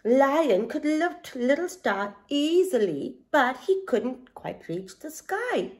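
Woman teacher reading aloud to preschoolers; slow, animated, asks the children questions. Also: high-pitched. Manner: expressive, asks young listeners questions.

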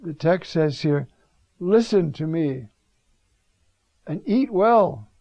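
A man's voice: on the high side, animated, slow pace, warm tone, dry recording. An older man, a priest, giving a conversational homily on scripture, often saying "you see" and quoting Hebrew words. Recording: dull lo-fi recording.

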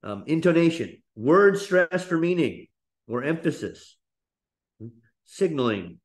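A man teaching a webinar lesson on speaking, explaining slowly with frequent fillers and restarts. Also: fairly high pitch, sing-song. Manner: demonstrates example phrases in a lifted, playful voice.

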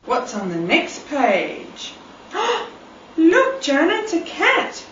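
Woman reading to her baby, bright and animated, very slow, with echoey room sound. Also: high voice, slight background noise. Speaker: parent. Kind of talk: reading a picture book to a baby. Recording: roomy, distant, dull home recording.

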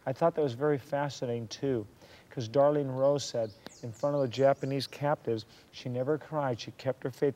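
A man's voice: mid-range voice, mellow. A man telling a historical story from a Christian view, earnest and given to preachy asides to his listeners.

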